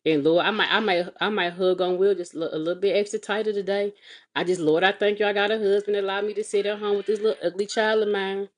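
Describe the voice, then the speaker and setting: A woman vlogging as a mother, telling a comedic, exasperated story with sassy, animated delivery and big swings in pitch. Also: quick pace. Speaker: mother of a kindergartner. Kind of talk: comedic storytelling vlog rant. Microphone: phone or webcam vlog.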